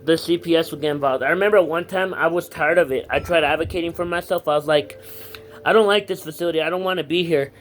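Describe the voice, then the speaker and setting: A man's voice: fairly high pitch, fast talker, a little hiss or hum. A teenage boy telling a personal story to camera in a casual vlog, rambling with lots of fillers and blunt swearing. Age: teens. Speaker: vlogger.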